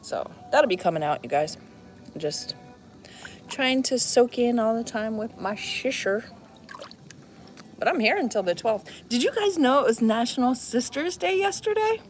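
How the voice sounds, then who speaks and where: A woman's voice: a little high, sing-song, unhurried, faint music behind. A woman chatting casually to her viewers in a vlog, breaking off to talk to a dog playing fetch outdoors. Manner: chatty, talks to a dog between asides. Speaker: vlogger.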